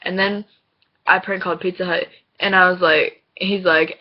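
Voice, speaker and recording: A woman's voice: lowish voice, a little slow, breathy edge, muffled recording. A teenage girl casually telling funny stories as co-host, giggling and acting out the other people's lines. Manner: giggly, acts out voices in quoted dialogue. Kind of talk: casual storytelling chat.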